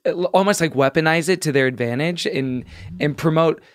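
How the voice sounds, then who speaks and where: A man's voice: fairly high pitch, brisk, clear, resonant tone, dry recording. A man co-hosting a podcast in casual chat, rambling and hedging his thoughts with lots of "like" on a close studio mic. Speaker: podcast co-host.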